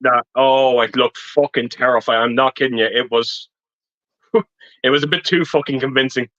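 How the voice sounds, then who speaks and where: A man chatting on a movie livestream, earnest and rambling, often restarting his sentences. His pitch is average for a man. The audio is dull and muffled, lo-fi stream quality. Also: steady tone, normal speed, fairly bright tone. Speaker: regular panelist on a movie livestream. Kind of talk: casual chat on a live stream.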